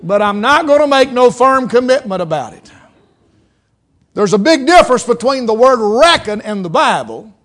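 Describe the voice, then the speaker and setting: A man's voice: extremely high pitch, big pitch swings, normal speed, a bit bright. A man preaching a sermon in a folksy, conversational way, with a Southern mountain accent, acting out little quotes as he teaches.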